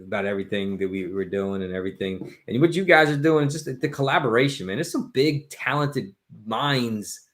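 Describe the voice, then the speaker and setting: A man talking enthusiastically on a casual crypto livestream, pitching an idea and calling everyone "man". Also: animated, fairly quick, fairly bright tone, a little hiss or hum.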